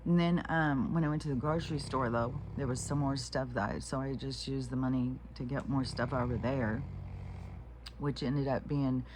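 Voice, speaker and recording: A woman's voice: extremely low pitch, fairly even intonation, moderate pace, noisy background. A woman talking to camera in a meandering, frank monologue, swearing freely and often restarting her sentences. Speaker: vlogger. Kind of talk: rambling casual monologue.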